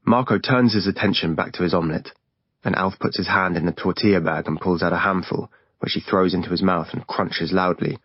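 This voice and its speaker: A man narrating an audiobook in a steady, plain storytelling manner. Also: sits low, a little fast, slightly rough, dry recording. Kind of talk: scripted narration. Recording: dull dry lo-fi recording.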